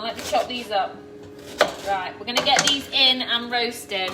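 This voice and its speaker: A middle-aged woman with a slightly high voice hosts a live cooking stream from her home kitchen, chatting casually and greeting viewers by name as she works. The audio is very noisy, with an echoey kitchen, a distant mic, and clattering pans.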